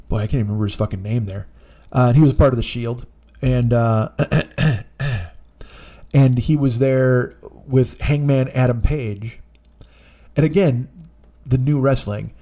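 A man's voice: medium pitch, darkish tone. A man telling a rambling, profane comic story in a casual podcast chat, acting out the people in it. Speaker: podcast host.

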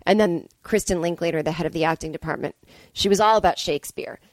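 A woman in her forties hosting a podcast, telling comic stories in a profane, ranting, animated way. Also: on the low side, fast talker, dry recording. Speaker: podcast host. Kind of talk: comedic storytelling monologue. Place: Brooklyn.

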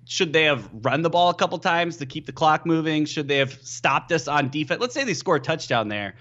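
Excitable man on a lo-fi line. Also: a little high, fairly quick. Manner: excitable, animated storytelling with many fillers. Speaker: podcast guest, team analyst. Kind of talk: casual sports podcast chat.

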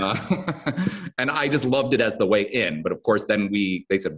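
Man, very low voice, rambling, interview guest, lots of "you know". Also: expressive, normal speed, a bit bright, breathy edge. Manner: rambling, lots of fillers and restarts. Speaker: soap opera head writer. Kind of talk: casual interview talk.

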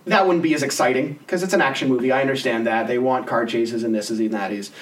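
A man's voice: mid-range voice, steady tone, fast talker, reverberant, recorded from a distance. A man co-hosting a casual movie-review podcast, sarcastic and swearing, acting out mock lines from the film. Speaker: podcast co-host.

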